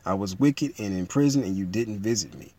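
A man preaching in a relaxed, conversational way, repeating himself and building to emphatic peaks. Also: lowish voice, a little fast. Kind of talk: informal sermon teaching.

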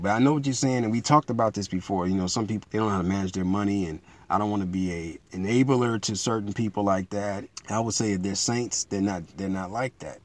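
Lowish voiced guy preaching casual style, repeats himself and gets loud on key points. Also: quick pace. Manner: conversational, repeats himself, rises to emphatic peaks. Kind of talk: informal sermon teaching.

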